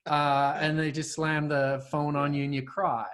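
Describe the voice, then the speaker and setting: A man hosting a casual interview, talking in a halting way with many fillers and restarts. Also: on the high side. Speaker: host.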